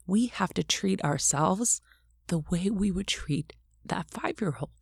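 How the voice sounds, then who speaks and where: Interview guest: woman, deep voice, dry close sound, animated storyteller who acts out quotes. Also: a little slow, gravelly, husky, dry recording. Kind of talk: casual interview talk.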